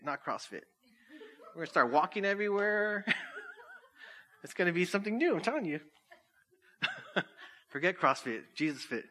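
A man's voice: fairly high pitch, pushed and bright. A middle-aged man preaching a sermon, casual and jokey, laughing at himself, then reading scripture and praying. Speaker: pastor.

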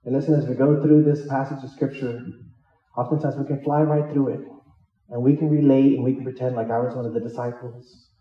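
A man's voice: mid-range voice, little pitch movement, brisk, roomy sound, far from the mic, highs cut off. A man preaching a sermon as a pastor, who jokes and acts out the disciples' lines as he tells the story. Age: adult with children. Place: church hall.

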